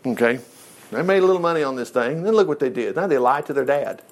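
A male preacher retelling a Bible story in a sermon, folksy and animated with joking asides. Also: medium pitch, fast.

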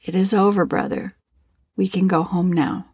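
A woman voicing a wary, quick-witted young girl who plays innocent. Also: lowish voice, fairly even intonation, darkish tone, husky, dry recording. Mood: gentle.

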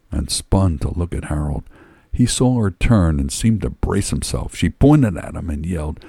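A man's voice: deep voice, gravelly, dark tone, breathy edge, no echo. A man reading a story aloud in a wry, first-person storytelling manner. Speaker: narrator.

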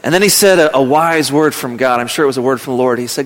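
A man's voice: mid-range voice, fast, few pauses. A man in his thirties, a pastor, preaching a sermon and telling a family story, sometimes raising his voice. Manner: storytelling, rising to loud acted yelling in anecdotes. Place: church sanctuary. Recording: long hall reverb.

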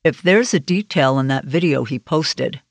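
A woman's voice: low-pitched, normal speed, no room sound. A woman reading an earnest male investigator. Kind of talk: audiobook character voice.

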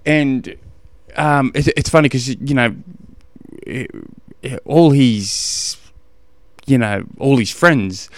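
A middle-aged Australian man chats loosely on his own podcast, drifting off topic and laughing at himself. His voice is smooth and resonant and sits mid-range. It is recorded dry and close to the mic. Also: medium pitch, slow, long pauses, dry recording. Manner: rambling, self-deprecating, laughs often. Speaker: podcast host, endurance coach. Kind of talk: casual solo podcast chat.

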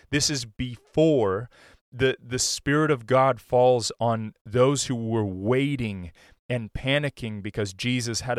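A man preaching a sermon, earnest and searching, restarting phrases and going hushed as he quotes scripture. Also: mid-range voice, no room sound, studio quality. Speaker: pastor.

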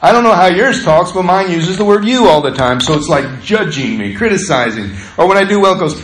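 A man preaching a sermon as pastor, talking in a conversational, animated way and telling stories with laughter. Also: high-pitched, brisk, reverberant, low-quality recording.

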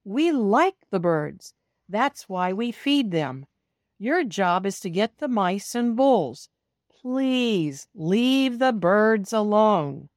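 A woman voicing two farm women who talk to a cat in a bright, emphatic, sing-song way. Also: lowish voice, huge pitch swings, slow, hardly any pauses, no room sound, clean studio sound, heavily acted. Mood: scolding.

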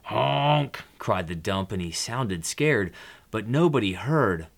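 A man with a fairly low voice reads a children's picture book aloud as host. His pace is relaxed, and he drops softer for his own little comments between the lines. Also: unhurried.

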